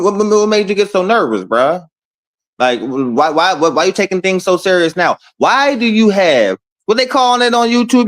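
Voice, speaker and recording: A man with a high voice that swings widely up and down hosts a boxing talk stream. He chats casually with his viewers and trash-talks in a loud, profane way. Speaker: boxing talk show host. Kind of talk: casual livestream chat.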